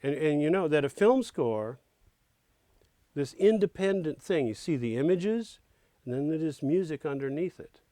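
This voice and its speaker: A middle-aged man teaching lyric writing in a recorded clinic, lively, breaking into sung lines and nursery rhymes to make his points. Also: a little high, unhurried, no room sound. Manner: animated teacher, recites rhymes and quotes in small acted voices. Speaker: songwriting professor.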